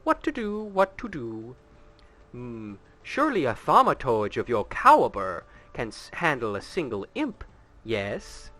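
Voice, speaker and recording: A fussy, lisping guild official, put on by a man reading game lines aloud. The voice is high and cartoonish and swoops all over, and it comes across bright. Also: wildly swooping pitch, unhurried.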